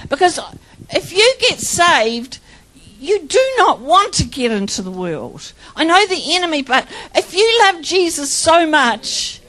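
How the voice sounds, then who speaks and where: A woman's voice: high-pitched, a bit bright, rough recording. An older woman sharing her personal faith testimony in a fervent, chatty way, laughing often and acting out quotes as she tells her story. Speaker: church member sharing testimony.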